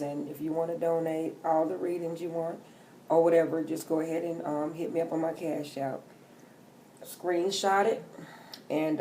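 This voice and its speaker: A woman's voice: low-pitched, mellow, slight background noise. A middle-aged woman doing a tarot-reading vlog from home, joking and chatty, talking loosely and with profanity. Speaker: tarot reader. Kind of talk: casual vlog chat.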